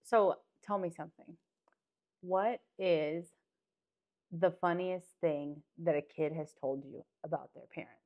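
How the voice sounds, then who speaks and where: A woman's voice: lowish voice, muffled recording. Chatty woman podcast co-host. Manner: chatty, laughs often, quick back-channel replies. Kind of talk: casual podcast chat. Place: indoor podcast room.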